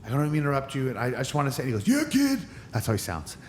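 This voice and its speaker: A man tells a story on a podcast, and he jumps into higher voices whenever he quotes the other people in it. His own voice sits at a medium pitch. There is a faint hiss of background noise under the talk. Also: very fast. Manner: acts out other people's lines with raised pitch. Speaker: podcast guest. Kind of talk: animated storytelling.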